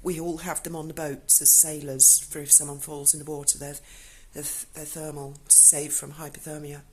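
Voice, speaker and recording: A woman's voice: low voice, level tone, normal speed, a little mellow. A woman, telling a personal story in casual speech, emotional and blunt and swearing freely.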